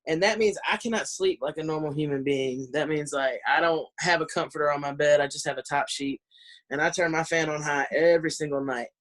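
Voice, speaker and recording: A woman's voice: sits low, a little fast. Brash Southern woman comic. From Southern United States. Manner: brash, ranting, profane, laughs between lines. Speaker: stand-up comedian. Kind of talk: stand-up set on a video call. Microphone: computer mic on a video call.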